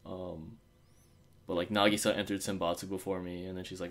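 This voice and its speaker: A man's voice: low-pitched, little pitch movement, fairly quick, fairly bright tone. A man co-hosting a casual fan podcast, rambling with many fillers and restarts. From Osaka. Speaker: podcast co-host.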